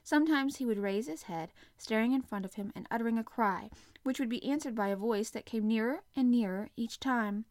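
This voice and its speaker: A woman narrating a classic adventure novel aloud in the first person, with expressive, dramatic storytelling. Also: a little high, fairly quick, no echo, clean studio sound. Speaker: audiobook narrator.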